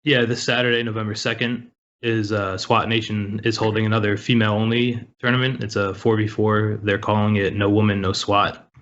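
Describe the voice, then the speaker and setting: A man reads out tournament placings and upcoming events in a plain, matter-of-fact manner. His voice sits a little low, and the call audio is dull and lo-fi. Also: little pitch movement, normal speed, fairly bright tone. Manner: matter-of-fact, listing names and results. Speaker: news segment co-host. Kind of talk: reading esports results casually.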